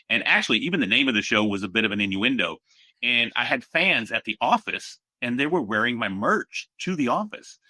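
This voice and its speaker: A man chatting as a guest on a podcast, telling stories in a relaxed, animated way. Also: fairly low pitch, dry recording. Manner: relaxed storyteller, animated asides. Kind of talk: casual conversational interview.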